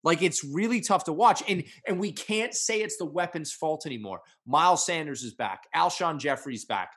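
A man's voice: on the high side, animated, moderate pace, fairly bright tone, husky. A man co-hosting a sports podcast, giving blunt, opinionated takes in casual chat. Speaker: podcast co-host.

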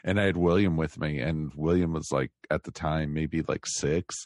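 A man's voice: a bass voice, steady tone, moderate pace, a little mellow, no echo. An American man hosting a podcast, talking casually and rambling with many fillers. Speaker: podcast host.

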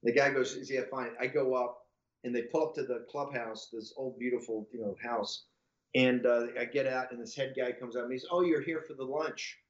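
A man's voice: medium pitch, little pitch movement, fairly quick, reverberant, highs cut off. A man telling a long, rambling, profane story as a podcast guest, acting out the voices of the people in it. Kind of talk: casual anecdotal storytelling.

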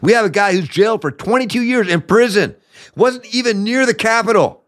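A man's voice: high-pitched, brisk, fairly bright tone. A man from the United States hosting a political commentary show, ranting with anger and profanity. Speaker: podcast host.

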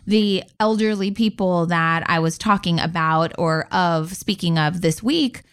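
A woman in her thirties co-hosting a casual podcast, telling stories with lively quoted voices. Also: lowish voice, a little slow, clear, resonant tone. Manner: lively storyteller who acts out quotes. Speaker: podcast co-host. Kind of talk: casual chat.

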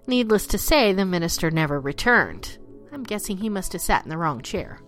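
A woman narrating a ghost story in an expressive, dramatic way, dropping low and slowing down for the eerie parts. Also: soft background music. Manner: expressive, drops low and slows for spooky lines.

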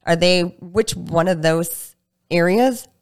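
A woman guest in a casual interview, talking about her work and acting out patient conversations in livelier voices. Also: slow pace. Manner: animated, acts out patient dialogue in higher voices. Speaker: guest practitioner.

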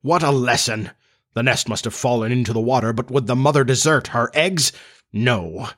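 A man's voice: mid-range voice, moderate pace, fairly bright tone, close to an everyday voice. A man voicing a commanding, melancholy male pirate captain in a storybook reading. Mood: brooding.

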